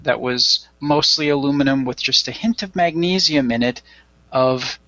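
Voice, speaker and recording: Gravelly, bright-toned male podcast co-host. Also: medium pitch, dry recording, muffled recording. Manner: rambling storyteller, halting with fillers. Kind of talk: casual podcast chat.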